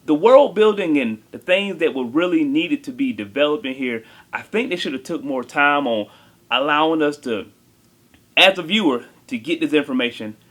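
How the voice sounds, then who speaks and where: Animated man joking through a movie review. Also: a little high, moderate pace.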